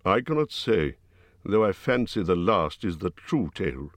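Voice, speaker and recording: A man's voice: sits low, big pitch swings, normal speed, no echo. A man voicing an old male wizard who is stern, testy and lecturing.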